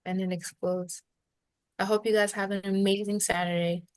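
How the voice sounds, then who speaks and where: A woman's voice: medium pitch, level tone, normal speed, dry recording. A woman co-hosting a podcast in casual chat, chiming in often with short affirmations. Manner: short affirming interjections like "Amen" and "sheesh". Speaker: podcast co-host.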